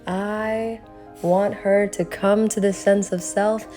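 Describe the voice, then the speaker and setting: A woman narrating her drawing process in a casual vlog, animated and laughing often. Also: mid-range voice, slow, faint music behind. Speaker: art vlogger.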